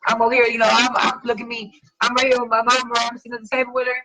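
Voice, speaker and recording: Bright, animated woman chatting casually. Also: fairly high pitch, very fast, poor audio. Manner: animated, slangy, swears casually, laughs often. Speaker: host. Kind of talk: casual chat reading viewer comments.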